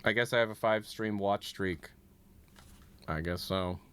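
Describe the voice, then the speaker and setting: A man's voice: on the low side, measured pace, a bit bright, a little hiss or hum. A man from the United States chatting casually on a live stream, rambling and joking as he reads chat and donations aloud. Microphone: desk mic.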